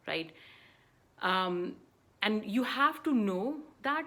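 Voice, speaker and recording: A woman's voice: mid-range voice, fairly bright tone. Earnest woman coaching, asking "right?" often. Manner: earnest, repeats "right?" and "you know" often; stumbles and restarts mid-phrase. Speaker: life coach. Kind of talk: motivational talk.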